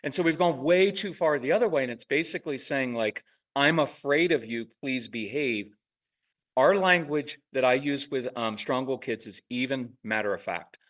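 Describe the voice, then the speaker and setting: A man talking casually in an interview, telling lively parenting stories and acting out parents and kids in quick asides. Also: mid-range voice, distant mic. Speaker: parenting podcast host and guest expert. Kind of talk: conversational interview.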